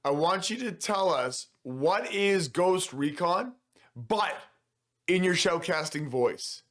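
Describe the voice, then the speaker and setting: A man's voice: high voice, animated, takes it slowly, a bit bright. A man hosting a casual podcast chat in an easygoing, encouraging manner. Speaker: podcast host.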